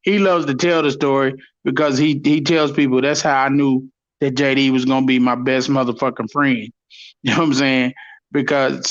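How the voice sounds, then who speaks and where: A man hosting a call-in show, telling stories in a profane, animated way and laughing often. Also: medium pitch, lo-fi sound. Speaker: host. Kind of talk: casual storytelling chat.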